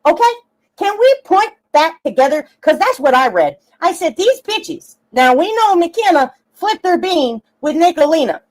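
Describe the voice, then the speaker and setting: Brash, high-pitched swearing woman ranting. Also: very animated, normal speed, poor audio. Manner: brash, swearing, laughing, sarcastic. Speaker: livestream host. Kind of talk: profane rant on a livestream.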